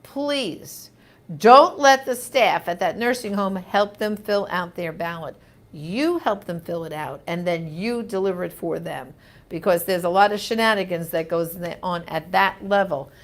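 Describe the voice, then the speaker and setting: Animated woman reading viewer comments. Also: on the low side, a little slow. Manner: animated, emphatic, conversational. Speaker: host answering viewer comments. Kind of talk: casual live comment reading.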